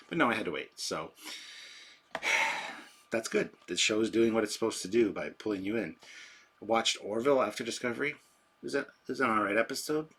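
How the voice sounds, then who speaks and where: Deep, husky-voiced livestream host. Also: male voice, animated, brisk, fairly bright tone. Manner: rambling, chatty, self-deprecating. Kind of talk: casual reaction livestream, reading chat. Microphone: sensitive desk microphone.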